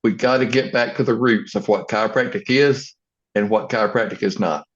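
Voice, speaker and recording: A man's voice: lowish voice, a little fast, dull audio. A man co-hosting a casual chat as a chiropractor, speaking earnestly and firmly in short affirming phrases. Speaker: chiropractor, podcast co-host.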